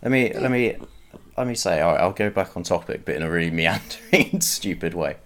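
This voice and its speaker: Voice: sits low, expressive, fairly quick. A podcast co-host chatting casually, teasing the others and laughing often. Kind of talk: casual chat.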